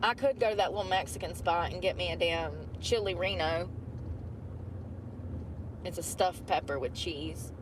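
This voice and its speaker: A woman's voice: lowish voice, moderate pace, long pauses. A woman, ranting in a chatty, profane, rambling way, filmed as she drives. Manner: profane, chatty, drawling asides. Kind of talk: rambling casual rant. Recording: clip with traffic and outdoor noise.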